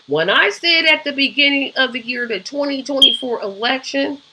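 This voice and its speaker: A woman's voice: sits high, expressive, moderate pace, noisy background. A woman hosting a live show, giving casual, opinionated political commentary with frequent ums and rhetorical asides.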